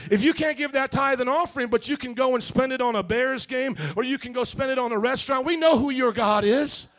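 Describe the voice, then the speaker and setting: A middle-aged male pastor preaching a sermon, calling out to the congregation and rising to shouts. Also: very high-pitched, brisk. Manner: call-and-response, rising to shouts.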